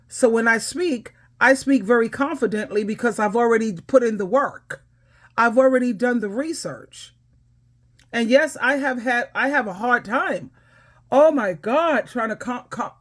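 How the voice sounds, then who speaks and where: A middle-aged woman advice coach giving emphatic, authoritative reaction commentary. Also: a little high.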